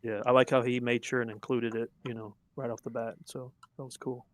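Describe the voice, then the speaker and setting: A man's voice: mid-range voice, little pitch movement. A man debating theology, earnest and emphatic, pressing his points firmly. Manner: earnest, emphatic, quick to argue.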